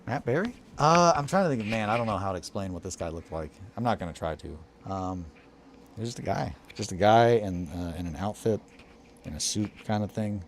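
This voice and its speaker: A man's voice: on the low side, animated, a little fast, a little hiss or hum. Rambling, chatty streamer guy. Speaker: hobby streamer. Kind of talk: casual stream chat.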